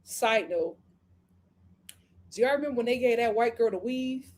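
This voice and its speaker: A woman hosting a casual live-stream review, chatting and reading viewer comments with dramatic, animated retelling. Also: on the high side, moderate pace.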